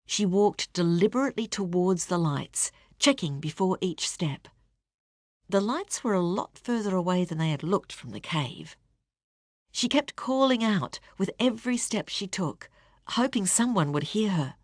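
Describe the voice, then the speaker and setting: A woman narrating an audiobook with a steady, expressive reading. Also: mid-range voice, a little slow, dry recording, studio quality. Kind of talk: scripted narration.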